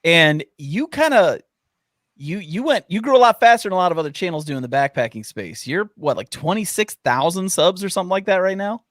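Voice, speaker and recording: A man co-hosting a casual podcast, upbeat and rambling as he talks up his guest. His voice sits a bit high for a man. The sound is close and dry, with no room around it. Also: big pitch swings, a little fast, fairly bright tone, dry recording. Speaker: podcast co-host. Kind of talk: casual livestream podcast chat.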